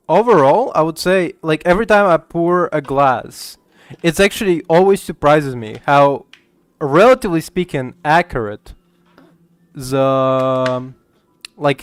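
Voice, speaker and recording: A man's voice: fairly high pitch, smooth, no room sound. A young man from Ukraine streaming a game, chatting casually in a rambling way, stammering, and swearing freely. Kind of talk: casual gaming chat.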